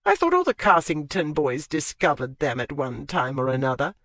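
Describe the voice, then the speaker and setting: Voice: medium pitch, wildly swooping pitch, normal speed, a bit bright, no room sound. A narrator doing a knowing old lady reminiscing. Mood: reminiscent.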